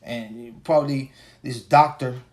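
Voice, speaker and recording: A man's voice: medium pitch, fairly even intonation, slow, a little mellow. A man in his forties hosting a solo podcast, ranting casually with crude, profane and rambling talk, tired after a long workday. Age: 40s. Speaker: podcast host.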